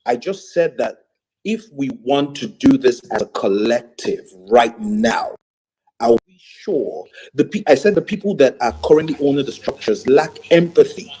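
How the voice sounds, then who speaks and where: Brief: man, mid pitch, husky, defensive debater. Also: animated, mellow, rough recording. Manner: defensive, measured. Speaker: speaker in an audio chat room. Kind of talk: live debate.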